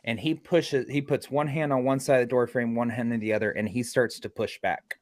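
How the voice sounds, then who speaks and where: A man's voice: medium pitch, fairly even intonation, brisk, a little mellow, no echo. A man who is a paranormal investigator, telling a detailed story in a group interview and restarting his sentences often.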